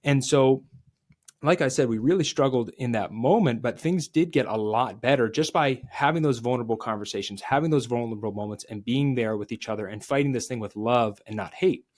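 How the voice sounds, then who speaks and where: Man telling a candid personal story. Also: a little fast. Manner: confessional, drops quiet and low at emotional moments. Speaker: podcast guest.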